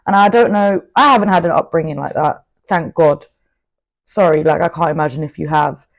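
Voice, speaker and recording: A young woman giving an outspoken, animated motivational talk to camera, full of asides. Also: low-pitched, fairly quick. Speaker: vlogger. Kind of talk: casual motivational monologue to camera.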